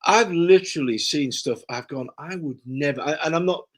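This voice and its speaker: Animated man telling stories. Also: on the high side, moderate pace. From Yorkshire, England. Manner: animated storyteller, acts out dialogue. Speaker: guest author. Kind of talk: casual conversation.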